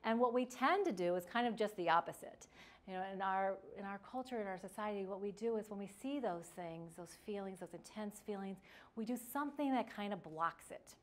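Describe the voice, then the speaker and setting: A woman's voice: mid-range voice, brisk. A middle-aged woman giving an instructional talk on parenting, chatty, with fillers and restarts. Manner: conversational, many fillers and restarts. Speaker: parenting educator.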